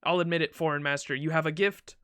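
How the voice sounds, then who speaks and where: A man's voice: fairly high pitch, fairly even intonation, fast talker, sharp tone, clean tone, no room sound, studio quality. A man reading a proud ancient pharaoh king in a game, with a pompous, regal, mocking delivery.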